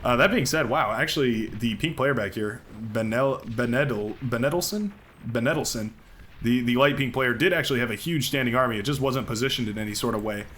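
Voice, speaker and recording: A man's voice: mid-range voice, brisk, fairly bright tone, slight background noise. An American man casting a real-time strategy match, chatty and upbeat, with many fillers and restarts. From United States. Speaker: game commentator. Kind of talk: live strategy game commentary.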